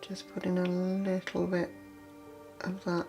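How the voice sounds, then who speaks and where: A woman vlogger talking through a makeup look step by step in a relaxed, chatty way. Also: on the low side, slow pace, soft background music. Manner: chatty, relaxed, explains as she works. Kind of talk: makeup tutorial narration.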